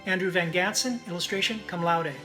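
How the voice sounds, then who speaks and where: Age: adult. Sex: man. Role: faculty member addressing graduates. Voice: high and bright. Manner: formal, steady, reading names. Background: soft music. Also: brisk. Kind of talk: recorded commencement address.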